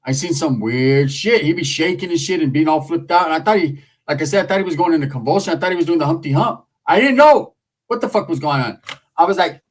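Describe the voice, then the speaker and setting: Man from San Jose, casual storytelling, swears a lot, rambling street talk, slightly high voice. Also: lively intonation, quick pace, recorded from a distance, rough recording. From San Jose, California.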